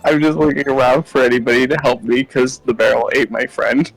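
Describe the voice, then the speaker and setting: A man talking through his turn at a tabletop game in a giggly, animated voice. His pitch sits in the middle. Faint music plays in the background. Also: brisk, gravelly, no room sound, poor audio. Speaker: player. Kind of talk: casual tabletop game play.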